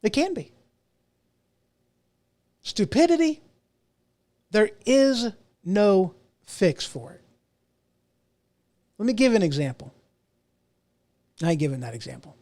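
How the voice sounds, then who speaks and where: His voice sits high and sounds expressive yet darkish, moving a little slowly with long pauses. The speaker is a middle-aged podcast host on a casual solo rant, rambling, restarting his sentences and mocking himself along the way.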